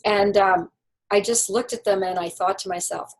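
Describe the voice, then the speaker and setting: A woman coach telling a personal story in a lively, casual way, full of "like" and "you know". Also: mid-range voice, normal speed, poor audio. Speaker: life coach and speaker.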